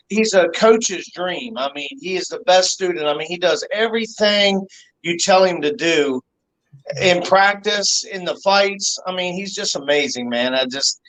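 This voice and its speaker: A man, a fight coach, praising his student warmly and emphatically, often tagging sentences with "man". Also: sits high, rough recording. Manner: warm, emphatic, repeats "man". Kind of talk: casual praise.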